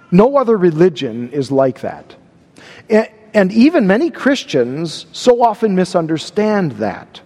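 A man's voice: high-pitched, very animated, unhurried, mellow, long reverb tail. A man preaching a sermon, stressing and repeating key words. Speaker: pastor.

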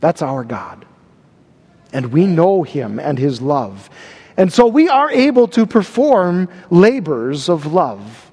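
A man's voice: on the high side, very animated, slow, warm tone, husky, in a large hall. A man preaching a sermon, stressing and repeating key words. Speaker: pastor.

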